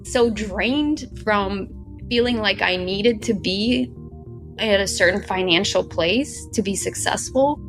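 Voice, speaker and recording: Earnest woman from Ukraine. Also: mid-range voice. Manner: earnest and emphatic, strings clauses together. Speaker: guest entrepreneur. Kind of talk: podcast interview.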